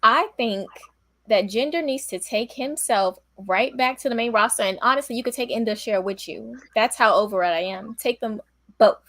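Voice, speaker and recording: Blunt, high-voiced woman on a dry mic. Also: moderate pace, dry recording. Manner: blunt, exasperated, sharp retorts. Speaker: co-host of a wrestling aftershow. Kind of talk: casual opinionated chat.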